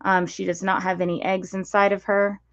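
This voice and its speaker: A woman breeder hosting a casual live stream, gently explaining and demonstrating with many ums. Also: mid-range voice, level tone, normal speed, dull audio. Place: indoor reptile room with enclosures.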